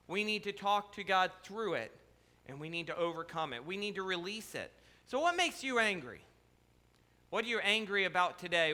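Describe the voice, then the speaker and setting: Bright-voiced pastor preaching in a reverberant hall. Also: male voice, high-pitched. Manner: earnest, repetitive preaching with rhetorical questions. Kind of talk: sermon. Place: church sanctuary.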